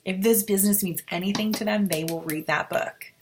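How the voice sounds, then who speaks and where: A chatty woman coaches her team in a casual motivational talk, acting out little conversations as she goes. Her voice sits at an everyday middle pitch, and a faint hiss runs under the recording. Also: a little fast. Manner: chatty, role-plays both sides of conversations. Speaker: team leader giving advice.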